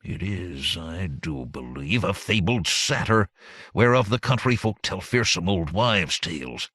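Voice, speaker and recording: Male reader as stern noble commander, low, quiet, measured, storybook. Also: expressive, slightly rough, dry recording, clean studio sound, full character voice. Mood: grave. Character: grave noble count, rebel commander.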